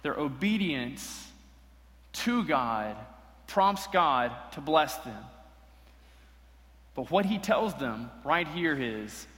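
A male pastor delivers a sermon in a bright, forceful voice pitched a little high. He is earnest and emphatic, repeating key lines for weight. The sound carries a long reverb from a large hall. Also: big pitch swings, very slow, long pauses. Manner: earnest preaching with emphatic repetition.

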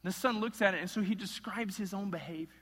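A male pastor delivering an impassioned sermon, swinging between loud emphasis and hushed moments. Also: sits high, quick pace, big-room sound.

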